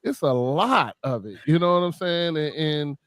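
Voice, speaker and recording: A man co-hosting a casual chat, halting and repeating himself as he speaks candidly. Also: a little high, sing-song, a bit bright, no room sound. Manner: hesitant, repeats words, candid and confessional. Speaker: podcast co-host.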